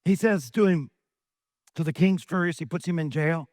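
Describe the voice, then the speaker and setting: A man's voice: fairly high pitch, moderate pace, darkish tone, no echo, clean studio sound. A middle-aged male pastor preaching a sermon, asking rhetorical questions and often adding "right?".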